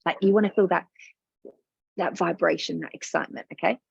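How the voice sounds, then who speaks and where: A woman's voice: lowish voice, a little fast, vocal fry, breathy edge, no room sound, highs cut off. A woman business coach leading listeners through a guided coaching exercise, soothing and encouraging, often repeating her instructions.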